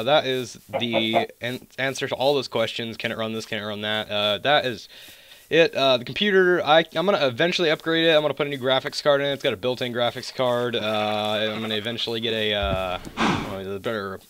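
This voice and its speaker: A teenage boy with a fairly deep voice and a mild Southern accent mixed with Californian, rambling through casual gameplay commentary from his desk on a cheap microphone. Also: a bit bright, a little hiss or hum. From US, California and South Carolina. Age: mid-teens. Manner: rambling, digressive, joking asides. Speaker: gaming channel host. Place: at home at his computer desk. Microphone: cheap desktop microphone.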